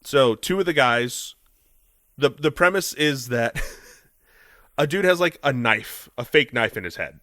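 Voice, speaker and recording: A man co-hosting a casual podcast, telling stories with an animated delivery. His voice is bright and keeps rising and falling, and he breaks into high squeaky character voices. The sound is dry and close. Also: fairly quick, dry recording. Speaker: podcast co-host. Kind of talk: casual chat.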